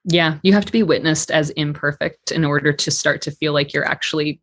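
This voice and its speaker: A man's voice: fairly high pitch, fairly even intonation, a little fast, creaky, fairly bright tone. A man guest on a podcast, speaking candidly and reflectively in casual conversation, with some swearing. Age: adult parent.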